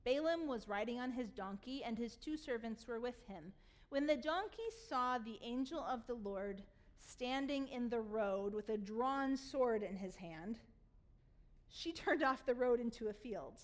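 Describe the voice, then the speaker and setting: A woman preaching from the pulpit with a high, bright-toned voice. She reads scripture and then retells the story in a lively, amused way, laughing at the funny parts. It is a warm, conversational sermon delivery. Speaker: pastor.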